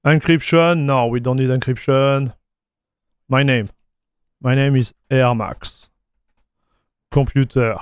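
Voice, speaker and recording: Slow-talking French-accented man streaming. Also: medium pitch, steady tone, clean tone, no room sound, clean studio sound. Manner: loose and chatty, with many fillers and repeated words. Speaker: tech streamer. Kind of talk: casual livestream chat while installing software.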